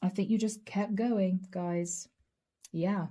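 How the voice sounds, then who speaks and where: A woman giving a channeled tarot reading to camera, gentle and encouraging, speaking straight to her viewers and breaking into soft laughs. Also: mid-range voice, steady tone, slow pace. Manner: often breaks into light laughs and soft asides. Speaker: tarot reader.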